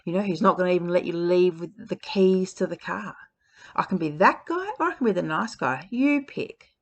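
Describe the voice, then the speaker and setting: A woman's voice: lowish voice, animated, normal speed. A woman voicing a manipulative male ex-partner, quoting his bitter, mocking retorts to a partner who is leaving. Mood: taunting. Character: manipulative male ex-partner, pleading then bullying.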